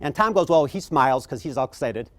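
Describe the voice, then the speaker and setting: A middle-aged man giving a conference keynote, telling stories and acting out the people in them. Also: fairly quick. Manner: animated, acts out quoted people with big pitch jumps. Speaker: keynote speaker.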